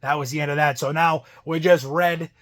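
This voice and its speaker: A man's voice: a little high, steady tone, brisk. A man hosting a casual wrestling review vlog, rambling and loose, trailing off and restarting his thoughts.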